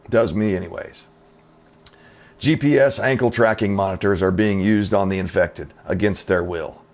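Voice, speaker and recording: A middle-aged man with a fairly low voice delivers opinionated commentary as host of his own channel. He talks in a folksy, skeptical way, peppered with rhetorical questions and casual fillers. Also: normal speed.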